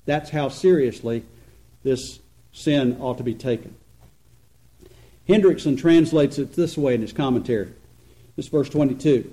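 A man preaching an expository sermon, earnest and emphatic, slowing down to stress points and swinging between loud and quiet. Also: a little high, expressive, low-quality recording. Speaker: pastor.

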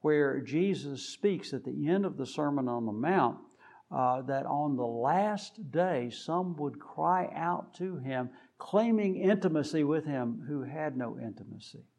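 A man preaching a sermon, deliberate and measured with frequent pauses, building to emphatic rises on key points. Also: on the high side, lively intonation, a little mellow.

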